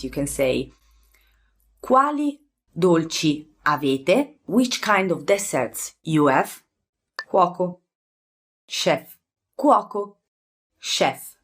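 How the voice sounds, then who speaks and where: A young woman with an Italian accent, a native Italian speaker, teaching vocabulary in a casual, friendly way and repeating words clearly. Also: sits low. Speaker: language teacher.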